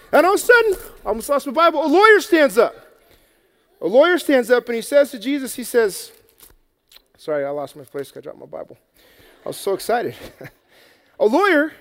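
A man telling a Bible story to children in a lively, playful way, acting it out and getting out of breath. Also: extremely high pitch, big-room sound. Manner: energetic, playful, acts out the story. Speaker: children's preacher. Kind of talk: animated Bible story for kids. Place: church hall with an audience.

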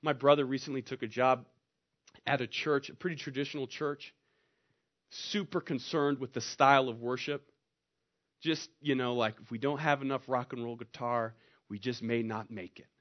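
A man's voice: mid-range voice, fairly even intonation, normal speed, highs cut off. A man preaching a sermon in a conversational, storytelling way, pushing up into emphatic rises. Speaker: pastor.

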